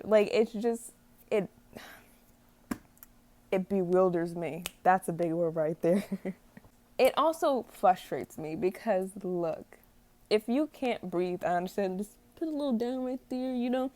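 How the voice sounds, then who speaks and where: A woman's voice: mid-range voice, unhurried, warm tone. A young woman ranting casually to camera, rambling and exasperated, stumbling over words and laughing at herself. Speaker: vlogger.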